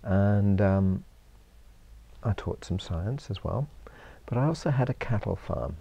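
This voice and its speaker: Low gravelly man with a British-Australian accent. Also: dull audio. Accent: British with Australian traces. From England. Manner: relaxed, unhurried storytelling with frequent ums. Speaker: guest, bookshop co-owner. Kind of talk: casual interview chat.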